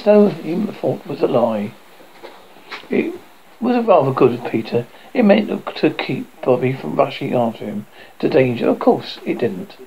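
A man's voice: a little high, vocal fry, lo-fi sound, a little hiss or hum. A man reading a novel aloud as narrator, often stumbling and correcting himself.

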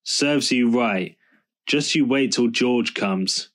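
A man voicing a gentle, prim old female car in a storybook reading, with a fussy, easily shocked manner. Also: mid-range voice, slow. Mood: indignant.

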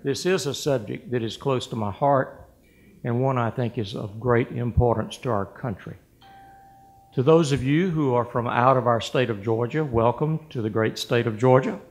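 Older man, gravelly voice, measured podium speech, leans hard on key words. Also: mid-range voice. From United States. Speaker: governor giving award acceptance speech.

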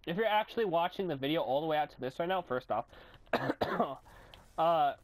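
A young man giving rambling, goofy commentary while recording his own game, often bursting into yells and silly voices. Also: on the high side, lively intonation, moderate pace. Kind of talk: gameplay commentary.

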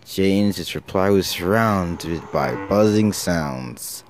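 A man narrating a children's story about engines in a brisk storytelling manner. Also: low-pitched, a little hiss or hum. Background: music.

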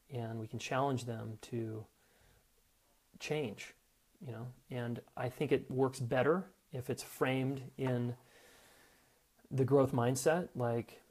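A middle-aged man with a mid-range, slightly mellow voice hosts a relationship advice podcast as a relationship coach. He talks frankly and casually, acting out the things partners might say to each other.

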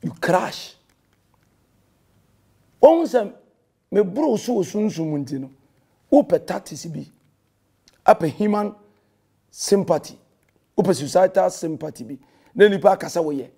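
A man's voice: high-pitched, very animated, a little slow, creaky, long pauses, dark tone, breathy edge. A Ghanaian man, a pastor, delivering a heated and confrontational rebuttal that scolds a rival and mixes in English phrases.

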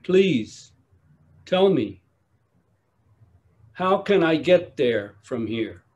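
A man's voice: a little high, very animated, very slow, darkish tone, dull audio, pitched above the performer's own voice, exaggerated voice. A man voicing a lost young monk who asks for directions in a formal, strained way. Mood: pleading. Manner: politely formal, then exasperated.

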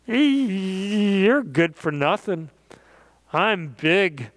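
A man's voice: high voice, extremely slow, no echo. Guy doing a big show-off ship, mocking, dry close sound. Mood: boastful. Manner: mocking, bragging. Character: boastful huge female ship, scornful.

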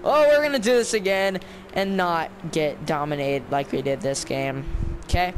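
A man with a high-pitched voice provides casual, sarcastic let's-play commentary at a moderate pace, grumbling at the game. Game car sounds come through clearly in the background.

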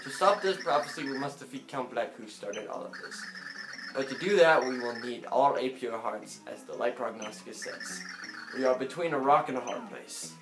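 A man voicing a grave old male wizard sage, speaking quiet and solemn over game music. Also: mid-range voice, animated, moderate pace, close to an everyday voice. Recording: echoey room with game music.

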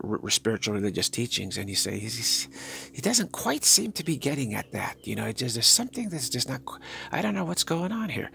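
An older man giving a spiritual talk, halting and musing, repeating himself as he searches for words. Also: medium pitch, vocal fry, bright, forceful tone, slight background noise. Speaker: spiritual teacher. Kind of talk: spiritual monologue.

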